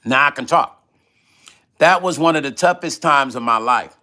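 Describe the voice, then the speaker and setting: Man, middle-aged, livestream host, casual chat, repeats himself, bright tense tone. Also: medium pitch, normal speed. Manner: loose, conversational, repeats himself when emotional. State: eating while talking. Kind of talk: casual livestream chat reading viewer comments.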